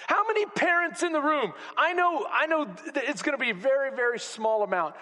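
A man preaching a sermon as pastor to a congregation, swinging between loud exclamations and hushed asides. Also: very high-pitched, animated, fairly quick. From Texas. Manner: preaching with rising shouts and sudden quiet drops. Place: church sanctuary. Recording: long hall reverb.

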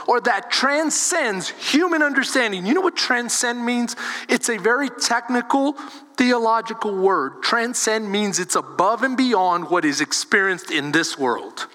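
A man preaching a sermon as a pastor, animated and calling on the congregation for responses. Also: very high voice, measured pace, big-room sound.

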